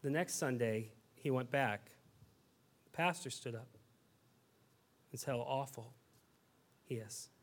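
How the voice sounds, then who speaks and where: A man in his thirties preaching a sermon as a pastor, telling a story in an animated, conversational way. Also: medium pitch, takes it slowly, pauses often.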